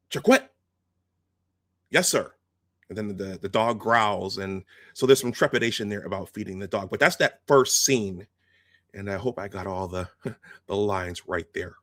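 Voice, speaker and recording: A man's voice: lowish voice, moderate pace, a bit bright, no echo, clean studio sound. A man hosting a video, casually recounting film scenes step by step and quoting the lines as he goes. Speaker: host.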